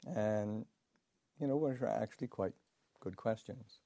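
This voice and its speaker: Male monk, dharma talk anecdote, low warm voice, halting with fillers, dry close sound. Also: creaky, no room sound. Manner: halting, many pauses and fillers, chuckling storyteller. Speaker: Buddhist monk telling a story.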